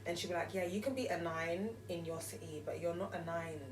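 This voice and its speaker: A woman's voice: fairly low pitch, fairly quick, distant mic, noisy background. A young woman hosting a podcast, chatting casually and hedging with many fillers. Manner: relaxed, hedging with frequent fillers. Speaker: podcast host. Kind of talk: casual chat. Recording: roomy, off-mic.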